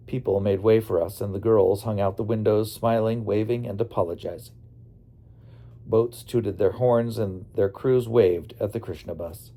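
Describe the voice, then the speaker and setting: A man's voice: on the low side, normal speed, dark tone. A man narrating a memoir in a plain, storytelling delivery.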